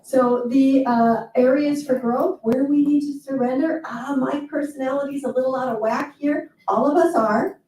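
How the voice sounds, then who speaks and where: A woman's voice: high voice, normal speed, dark tone. A woman giving an enthusiastic, playful motivational seminar talk to a live audience, breaking into quoted asides. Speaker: motivational speaker. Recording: echoey hall, speaker far from mic.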